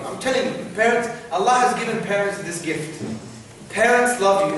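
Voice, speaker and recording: A man answering student questions in a university lecture hall, animated and often checking in with "yeah?". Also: high-pitched. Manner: animated, repeats "yeah?" to the audience. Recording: very echoey hall, noisy, from far off.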